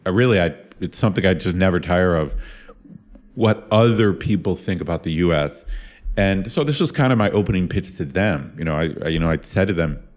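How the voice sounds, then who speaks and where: Low, brisk and darkish in tone, this middle-aged Ohioan co-hosts a relaxed podcast and also lectures at a university. He speaks reflectively, often restarting and repeating words.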